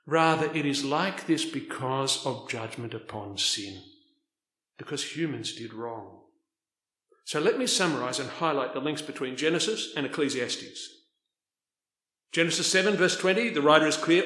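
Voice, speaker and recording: A man preaching a sermon, swinging between loud, stressed points and quiet, soft asides. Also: mid-range voice, normal speed, echoey room.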